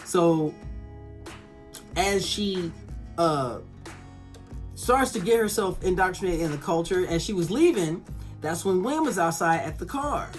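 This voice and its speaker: A woman reviewing a TV episode in a casual, animated way, swearing and acting out the characters' lines. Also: fairly low pitch, unhurried, pauses often, soft background music.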